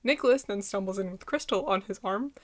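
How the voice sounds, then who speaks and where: A woman's voice: mid-range voice, fairly quick. A woman giving a casual book review, summarizing the plot in a blunt, outspoken way and swearing freely.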